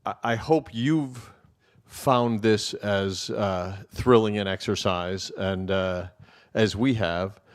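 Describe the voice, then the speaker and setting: Man, theater director, casual rambling talk, lots of ums, lowish voice. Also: takes it slowly. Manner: rambling, with many fillers and restarts. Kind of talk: casual remarks to an audience.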